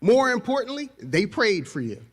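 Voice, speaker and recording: A man's voice: high-pitched, very animated, normal speed, fairly bright tone. A man giving a convocation speech as university president, rousing the crowd and leading call and response.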